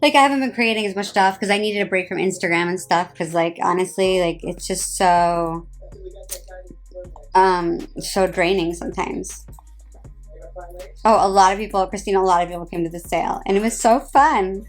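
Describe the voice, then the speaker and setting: Speaking at a moderate pace in a mid-range voice, a tired New Jersey woman in her 30s rambles through a sarcastic phone-live chat. She's a reality TV personality on a stream with faint music playing, and "like" crops up constantly.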